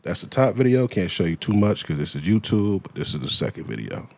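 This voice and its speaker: A man with a low, gravelly, slightly mellow voice rants in profane, heated commentary, speaking a little fast with big swings in pitch and no echo. He keeps hammering the same point, firing off repeated pointed questions.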